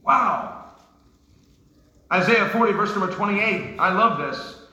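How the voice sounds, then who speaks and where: A preacher from New York delivering an emphatic sermon in a church, with rising shouts and joking asides. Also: male voice, high-pitched, lively intonation, slow, roomy sound, poor audio. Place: church sanctuary.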